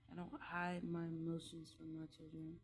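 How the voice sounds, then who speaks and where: A mother talking in a casual, reflective vlog, earnest and candid, pausing and restarting as she gathers her thoughts. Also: low-pitched, completely flat delivery, slight background noise. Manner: earnest, halting, with frequent restarts and trailing pauses; candid and heartfelt. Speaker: mother vlogging about parenting.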